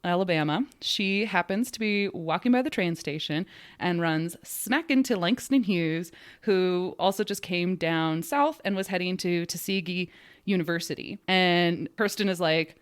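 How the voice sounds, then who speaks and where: A woman's voice: fairly low pitch, a little slow. A woman hosting a casual podcast, telling a history story in a chatty way and acting out quotes. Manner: chatty, animated, acts out quotes.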